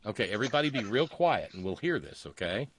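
A man's voice: lowish voice, fast, background noise. A man hosting a casual talk show, telling stories with a sardonic edge. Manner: sardonic, animated storyteller. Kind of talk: casual radio banter.

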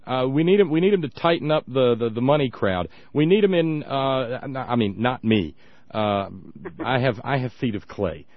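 A middle-aged male talk radio host from West Virginia, speaking in a wry, unhurried drawl with self-mocking asides. His voice comes through a slightly muffled, dry studio recording. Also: medium pitch, lively intonation, no echo. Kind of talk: casual political talk radio.

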